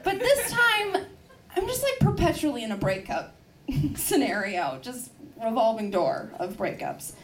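A woman's voice: a little high, very animated, unhurried, echoey room, far from the mic, a little hiss or hum. A woman doing a stand-up set on a club stage, brash and profane, laughing at her own jokes. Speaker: stand-up comedian.

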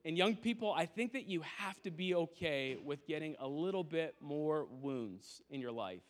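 A man's voice: a little high, animated, normal speed. A youth pastor in his thirties giving a sermon in a tent, talking in an earnest, conversational way with frequent restarts and asides. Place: large tent used as an auditorium.

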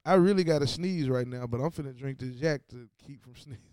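A man's voice: mid-range voice, brisk, clean tone, no room sound, studio quality. A man hosting his own show, giving a loose, slangy recap of a TV finale and talking straight to viewers. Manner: loose, slangy and animated, talks to viewers directly. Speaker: show host. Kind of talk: casual TV recap commentary.

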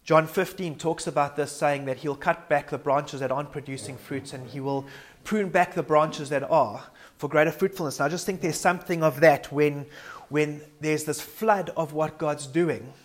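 A man's voice: a little high, steady tone, normal speed. A man preaching a sermon in an earnest, reflective way, sometimes restarting words mid-sentence.

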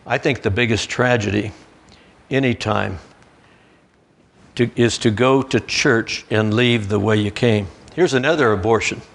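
A middle-aged man preaching a sermon in a church, telling stories with lots of restarts and lively quoted voices. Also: mid-range voice.

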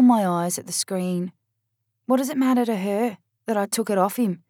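A woman's voice: medium pitch, normal speed, dark tone, no echo, clean studio sound. A woman reading a novel in first person, blunt and wry. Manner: blunt, wry, streetwise teen narrator voice. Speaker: audiobook narrator. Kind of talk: first-person audiobook narration.

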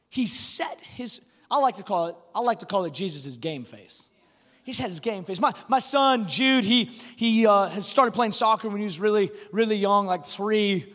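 A pastor preaching a sermon, telling a family story with lots of restarts and animated delivery. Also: male voice, sits high, normal speed. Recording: long hall reverb.

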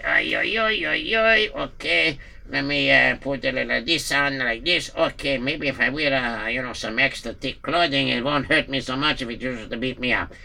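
A man's voice: medium pitch, vocal fry, bright, forceful tone. A man voicing a nervous village innkeeper with a Yiddish accent, stammering and fretting in an amateur radio play. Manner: anxious, frets aloud with many stammered fillers. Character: worried male village innkeeper, nervous and fretful.

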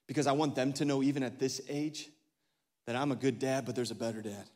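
A man in his thirties, a pastor preaching a lively sermon, swinging between loud exclamations and hushed asides and laughing often. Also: mid-range voice, fairly quick. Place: large church hall. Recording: long hall reverb.

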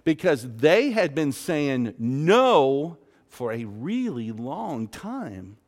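A man preaching a sermon as pastor, slow and emphatic, asking the congregation rhetorical questions. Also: a little high, sing-song, in a large hall. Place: church sanctuary.

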